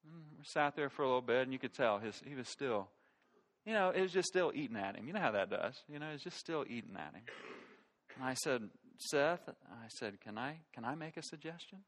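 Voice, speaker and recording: A middle-aged male pastor preaching a sermon, telling stories with animated delivery and quoting people in character. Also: mid-range voice, a little fast. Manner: animated storytelling, quotes people in character, laughs at his own stories.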